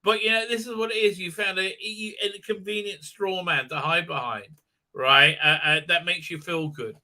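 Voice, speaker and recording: A man's voice: sits high, fairly even intonation, moderate pace, bright, forceful tone. A man hosting a livestream, ranting in sarcastic, profane commentary and mocking characters in silly voices, with many hesitant fillers. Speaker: show host.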